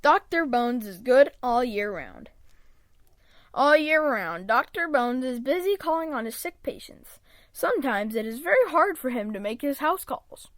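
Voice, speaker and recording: A woman reading a children's picture book aloud in an expressive read-aloud manner, close to a home microphone. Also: high voice, unhurried, no room sound. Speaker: storybook reader.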